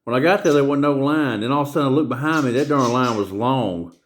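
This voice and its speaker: A man's voice: mid-range voice, fast, a little hiss or hum. A man vlogging a casual rant about a store visit, rambling and repetitive, with many hesitations.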